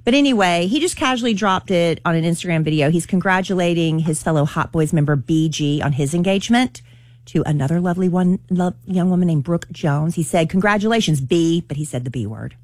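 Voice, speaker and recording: Lower-voiced woman host. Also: a little fast, darkish tone, dry recording. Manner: reads out celebrity news with dry asides. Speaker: radio show host. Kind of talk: morning show gossip chat. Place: radio studio.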